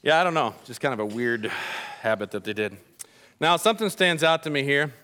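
A man preaching a sermon as a pastor, telling the story in an animated, joking way and talking directly to the congregation. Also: mid-range voice, fairly quick, clear, resonant tone.

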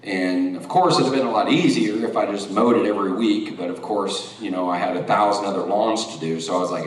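A middle-aged man preaching a sermon, rambling through stories and then rising into forceful preaching. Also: deep voice, a little fast, few pauses. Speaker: pastor. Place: church sanctuary. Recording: echoey church hall from far off.

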